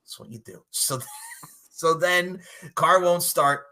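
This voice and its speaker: A man's voice: a little high, slow pace, sharp tone. A man co-hosting a podcast, casually recapping a movie with lots of laughter and offhand swearing. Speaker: podcast co-host.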